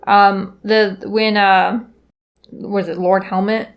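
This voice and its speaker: A woman's voice: medium pitch, flat delivery, slow pace, muffled recording. A young woman co-hosting a casual podcast, swearing a lot and breaking into quoted movie lines. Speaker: podcast co-host. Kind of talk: casual chat.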